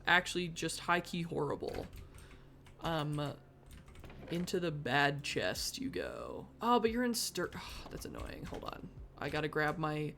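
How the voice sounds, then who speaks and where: A woman's voice: sits low, vocal fry, fairly bright tone, a little hiss or hum. A woman streaming live from her desk at home, muttering wry gameplay commentary to herself and easily getting sidetracked. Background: faint background music.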